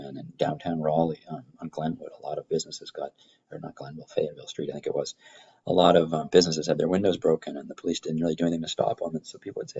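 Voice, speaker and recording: A middle-aged male teacher with a very low, gravelly voice gives a rambling classroom lecture, full of restarts and fillers. His tone is a bit husky, and the recording sounds muffled and lo-fi. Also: steady tone, fast talker, darkish tone. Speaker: high school government teacher.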